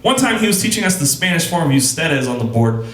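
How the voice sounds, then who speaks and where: A man doing deadpan stand-up comedy, telling a long story. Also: fairly high pitch, fast talker. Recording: roomy club, loud audience laughter.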